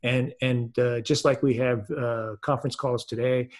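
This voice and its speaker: A man giving an earnest, explanatory webinar talk over a video call, pausing often to find his words. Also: mid-range voice, steady tone. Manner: earnest and unhurried, with frequent hesitations. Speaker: webinar presenter.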